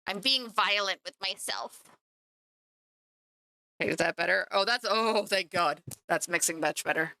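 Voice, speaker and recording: Bright, chatty woman streaming. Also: mid-range voice, unhurried, creaky, pauses often, no room sound. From Canada. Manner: chatty and self-mocking, talking to chat while working. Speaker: streamer painting miniatures. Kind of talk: casual livestream chat.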